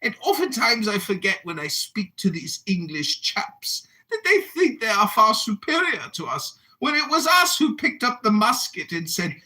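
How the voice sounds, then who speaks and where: An American man in his forties rants in a heated audio chat room argument. His voice swings widely up and down and has a bright, forceful edge. He is abrasive and mocking throughout. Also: high voice, sing-song, normal speed, few pauses, rough recording. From United States. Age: 40s. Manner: abrasive, mocking and insulting, ranting loudly. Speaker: political candidate and online personality.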